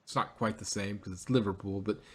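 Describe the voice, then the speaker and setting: A man's voice: fairly low pitch, steady tone, brisk, fairly bright tone. A man co-hosting a casual review chat, rambling with many restarts and frequent laughs. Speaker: podcast co-host.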